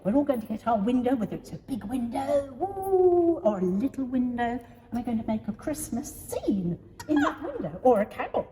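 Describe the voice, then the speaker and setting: A woman presenting a children's craft segment on a church show in a bright, encouraging, sing-song way. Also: fairly high pitch, big pitch swings, moderate pace. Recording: echoey church hall with loud crowd noise.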